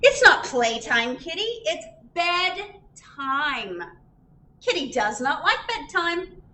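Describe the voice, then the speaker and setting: A woman's voice: high voice, big pitch swings, slow pace, bright, forceful tone. A woman reading a picture book aloud at a library storytime, sing-song and full of questions for the children. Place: library room. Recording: roomy echo.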